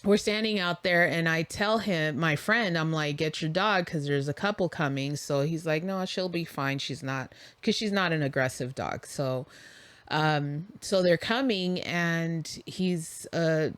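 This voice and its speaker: A woman with a somewhat low voice chats through a story as a podcast host, loose and conversational, leaning on likes and you-knows. The sound is close and dry, with no room around it. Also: measured pace, clean tone, dry recording. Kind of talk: casual storytelling.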